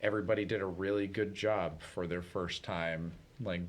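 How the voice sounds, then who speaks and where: A man with a fairly low voice talks through a topic in easygoing, unhurried chat. He explains at length, full of "um"s and small restarts, in the manner of a community TV co-host. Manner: relaxed, explanatory, many fillers. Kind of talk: casual chat. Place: community TV studio.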